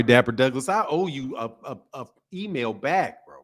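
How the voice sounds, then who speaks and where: A man's voice: medium pitch, lively intonation, moderate pace. A man hosting a casual livestream, loosely greeting viewers by name in a chatty way. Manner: loose and chatty, reads viewer names aloud. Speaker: livestream host.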